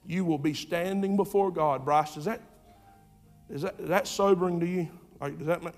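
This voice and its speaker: A pastor preaching a sermon in a church, fervent and repetitive, swinging from loud urging to quiet asides. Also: male voice, fairly high pitch, moderate pace, faint music behind. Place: church sanctuary.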